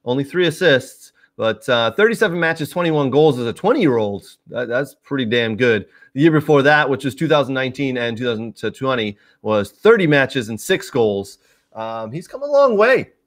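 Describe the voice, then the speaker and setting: A man's voice: medium pitch, big pitch swings, moderate pace. A man hosting a live soccer show, talking casually to viewers with lots of fillers and asides. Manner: chatty, addresses viewers directly, many fillers. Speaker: sports show host.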